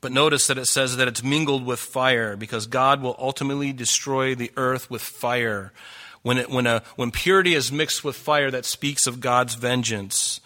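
A man's voice: mid-range voice, fairly even intonation, normal speed, pushed and bright. A middle-aged man preaching a sermon, earnest and pleading, his voice rising for emphasis.

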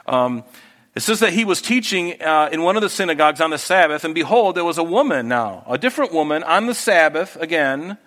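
A pastor delivering a sermon in a voice that sits a little higher than most men's. He moves between loud, emphatic scripture reading and soft, intimate asides to the congregation. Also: animated, fairly quick.

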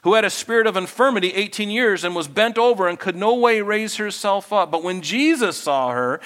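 A man preaching with a slightly higher-than-usual voice. He drops to soft, confiding asides, then lifts into raised, emphatic lines. His delivery is expressive, shaped for a congregation. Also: brisk. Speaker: pastor. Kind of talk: sermon.

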